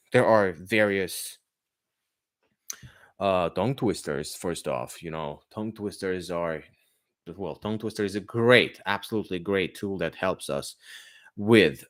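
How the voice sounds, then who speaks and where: Low-voiced, hesitant man. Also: a bit bright, no room sound, studio quality. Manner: hesitant, full of pauses and restarts, addresses listeners as guys. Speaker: English teacher. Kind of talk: casual livestream podcast talk.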